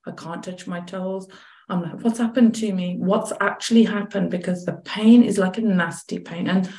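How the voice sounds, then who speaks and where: A woman, a chronic pain coach as guest, telling a personal story in lively conversation and acting out what others said. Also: medium pitch, normal speed, roomy sound. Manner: animated, acts out quoted dialogue.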